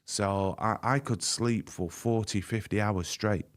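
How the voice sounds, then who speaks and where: A man's voice: on the low side, steady tone. A middle-aged man, a podcast guest, telling his own story candidly with frequent restarts. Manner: frank, halting with restarts, vivid first-person telling. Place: podcast interview.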